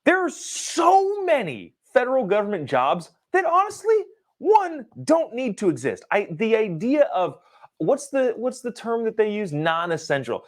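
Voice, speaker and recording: Animated sarcastic male political host. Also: high voice, a little slow. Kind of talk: political commentary.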